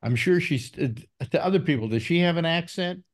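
A man's voice: a little high, animated, a little fast. A man hosting a casual call-in panel chat, rambling with many fillers and restarts. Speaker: call-in show host.

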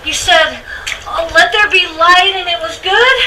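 A woman's voice: very high voice, measured pace, bright, forceful tone, far from the mic, heavily acted, rough recording. A woman putting on the goofy character Wanda for a children's church comedy sketch, wailing, giggling and praying in a panic. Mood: pleading.

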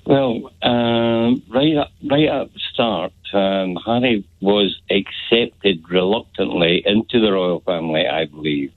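A caller from Scotland speaks slowly and hesitantly down a tinny phone line, pausing often. His voice sits somewhat low. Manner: hesitant, halting. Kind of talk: phone-in call.

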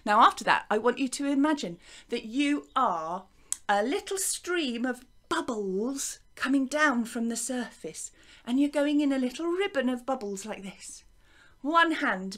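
A woman with an English accent teaching young children a music and movement lesson to camera, gentle and encouraging, chanting along with the actions. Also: sits high. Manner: gentle, encouraging, sing-song counting and chanting. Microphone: wearing a microphone.

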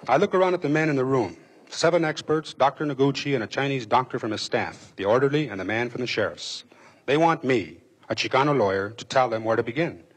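A man reads a first-person memoir passage aloud in a measured, dramatic way. He lingers over vivid lists and details. His voice is husky and a little rough, with a mid-range pitch. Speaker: reader.

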